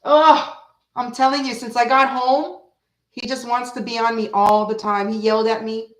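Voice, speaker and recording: A woman's voice: a little high, flat delivery, normal speed. Woman just chatting away at home, rambly and loose, hums bits of old songs, coos at her cat. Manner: chatty and rambling, breaks into humming and singing song snippets; talks softly and affectionately to her cat. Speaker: tarot reader and channel host. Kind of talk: casual chat on a live reading.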